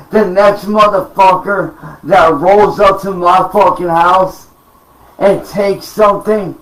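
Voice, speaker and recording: Furious profane man, high slow voice. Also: fairly bright tone, distant mic. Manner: profane, threatening, slow emphatic delivery. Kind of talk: angry rant to camera. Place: home room. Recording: roomy sound, off-mic.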